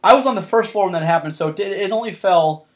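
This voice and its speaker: Male podcast host, slightly high voice, rambling storyteller who restarts sentences a lot, casual chat. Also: fast talker.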